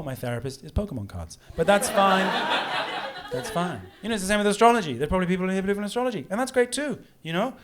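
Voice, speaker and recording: A man doing a rambling stand-up comedy set, animated and giggling at his own jokes. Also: mid-range voice. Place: pub comedy room with live audience. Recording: live audience laughter and applause.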